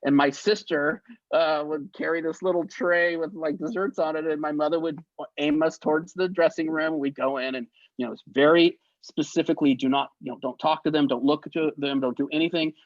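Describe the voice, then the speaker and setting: A man in his fifties, a guest on an interview, telling stories in a lively way and acting out the people in them. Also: on the high side, brisk, dry recording, dull audio. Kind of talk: anecdotal storytelling.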